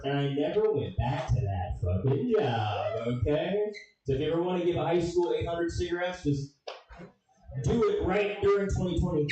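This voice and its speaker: A young man doing a stand-up comedy set, telling a story with swearing and loud funny voices. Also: a little high, animated, moderate pace, a little hiss or hum. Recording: echoey room, distant mic.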